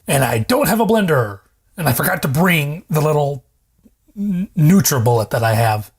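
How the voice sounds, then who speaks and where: A man's voice: fairly high pitch, sing-song, moderate pace, husky. A young man hosting a casual home cooking vlog, rambling, joking and swearing, recorded on a lavalier mic in a kitchen. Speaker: cooking vlogger. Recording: fridge hum in the background.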